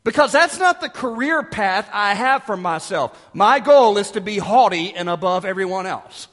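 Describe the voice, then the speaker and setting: A man preaching a sermon as pastor, emphatic and dramatic, dropping to hushed asides and rising again. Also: sits high, expressive, normal speed, in a large hall.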